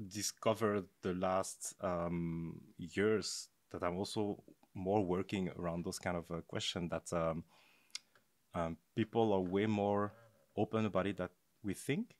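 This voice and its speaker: Male podcast guest, deep voice, halting delivery with fillers, dry. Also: fairly even intonation, no echo. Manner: hesitant, many pauses and fillers. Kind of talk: casual conversation.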